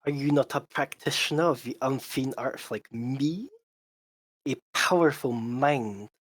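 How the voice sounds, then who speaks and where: A game master voicing a nameless disembodied psychic mind with a lisp, speaking in slow, grandiose pronouncements. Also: medium pitch, natural voice. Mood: lofty. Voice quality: attempted lisp.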